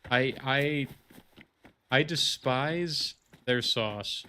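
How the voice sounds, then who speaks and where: A man's voice: mid-range voice, drawn-out words, pushed and bright, clear, resonant tone. A man in his thirties, a game streamer chatting casually on a live stream, rambling and swearing in mock rants. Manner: rambling, profane, mock-ranting.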